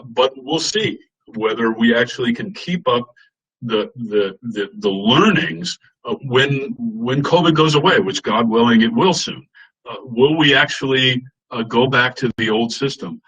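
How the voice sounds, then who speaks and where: A man's voice: mid-range voice, a little slow, a bit bright, slightly rough, low-quality recording. A middle-aged American man giving an earnest seminar lecture, often restarting his phrases with fillers. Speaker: guest speaker.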